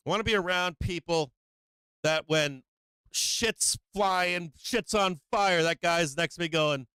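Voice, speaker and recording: A male stock market show host talking brash, profane, emphatic market commentary on a live stream, moving between loud emphasis and low, quieter explaining. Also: slow pace, smooth, no room sound.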